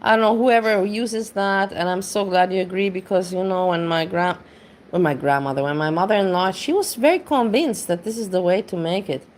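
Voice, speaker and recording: A woman's voice: medium pitch, a little fast, darkish tone, a little hiss or hum. A woman rants bluntly and casually, swearing freely and rambling as she goes. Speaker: commentary streamer. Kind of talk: casual rant.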